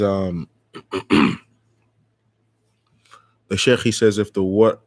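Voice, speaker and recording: A man teaching a classical religious text. He reads short passages aloud, then explains them slowly, with fillers and restarts. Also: lowish voice, dry recording. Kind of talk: lecture translating a classical text. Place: institute classroom.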